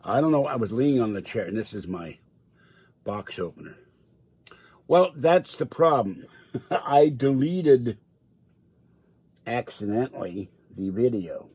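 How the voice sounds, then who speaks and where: Casual livestream host, male, husky voice, meandering storyteller. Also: mid-range voice, animated, measured pace, long pauses, a little mellow. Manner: chatty, meandering storyteller who laughs often. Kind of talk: rambling casual livestream chat. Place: indoors at home.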